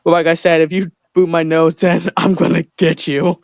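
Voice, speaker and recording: A man with a notably high voice, chatting loosely while playing a game on stream and teasing his friend in a playful tone. The mic sounds dry and a little dull, with no room around the voice. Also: level tone, gravelly, no echo. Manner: playful, teasing, quick to break into silly voices. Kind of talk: casual gaming chat.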